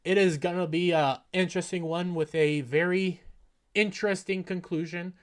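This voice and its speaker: Earnest man with a smooth, resonant voice. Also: high voice, fairly even intonation, normal speed. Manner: earnest, restarts and repeats phrases. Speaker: anime review host. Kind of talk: casual episode recap.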